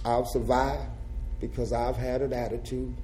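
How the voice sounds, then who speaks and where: An older man giving an impassioned rally speech in colloquial, folksy phrasing, moving between shouted slogans and quiet reflection. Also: mid-range voice, flat delivery, moderate pace, a little hiss or hum, low-quality recording. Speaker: activist speaker.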